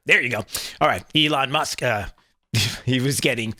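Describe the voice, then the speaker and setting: A man's voice: mid-range voice, very animated, moderate pace, bright, forceful tone. A man hosting a commentary show, rambling with many fillers and jokey asides. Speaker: show host. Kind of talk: casual commentary.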